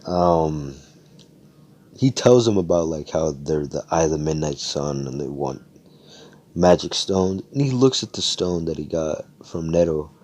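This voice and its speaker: A young man talks through a fan-made story in a loose, rambling way, swearing freely and slipping into the characters' voices. His voice sits low and sounds mellow. It comes through a voice-chat mic. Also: lively intonation, measured pace. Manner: rambling, profane, acts out characters' lines. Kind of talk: casual improvised fan-fiction storytelling. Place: Discord voice chat. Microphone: headset or desk mic on voice call.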